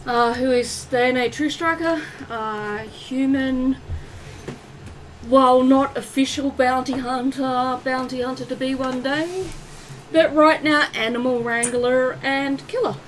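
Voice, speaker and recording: High-voiced chatty woman player. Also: steady tone, slow, slight background noise, rough recording. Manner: chatty, joking, many fillers. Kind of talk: casual tabletop game chat.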